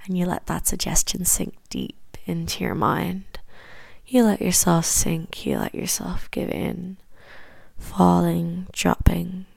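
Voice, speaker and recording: An Irish woman whispers a hypnosis induction right up against a close mic, unhurried and repetitive. Her low, gravelly voice drifts from one soothing suggestion to the next, in a dry, dead room with no echo. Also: darkish tone.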